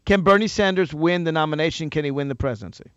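Male talk radio host, pushy and quick to interrupt, voice a touch high, dull dry studio sound. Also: a bit bright. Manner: brisk, insistent, interrupts to make his point. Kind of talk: political call-in talk.

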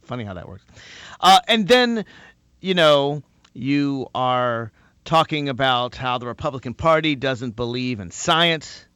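A man hosting a political talk show, delivering an animated monologue and mocking his opponents' replies. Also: medium pitch, measured pace, smooth, no echo. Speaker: host.

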